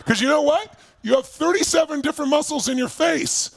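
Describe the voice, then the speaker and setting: A man leading an energetic motivational coaching session for an online audience, firing off questions and swinging between loud bursts and low, quiet stretches. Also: gravelly, no room sound, studio quality. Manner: emphatic, leads exercises with rapid questions, swings from loud to low. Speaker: motivational speaker. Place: indoors, streaming to a video call audience.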